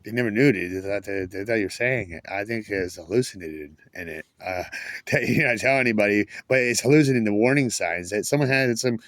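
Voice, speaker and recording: A man's voice: fairly low pitch, a little fast, fairly bright tone, no room sound. Rambling, cursing man telling a story. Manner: rambling, restarts and swears. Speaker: vlogger.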